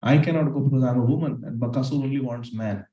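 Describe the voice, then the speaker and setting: A man voicing a grieving, humble village mother who speaks in a sorrowful, low-key way. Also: fast talker, mellow, reverberant, recorded from a distance, close to an everyday voice, low-quality recording.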